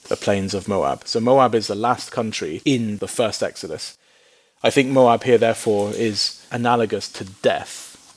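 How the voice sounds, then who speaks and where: A man preaching a Bible teaching sermon in a lively, humorous way, acting out little voices in quotes. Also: lowish voice.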